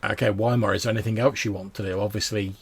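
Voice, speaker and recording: A man with a low, husky voice narrating a tabletop game as its game master. His narration is loose and casual, full of fillers. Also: steady tone, quick pace.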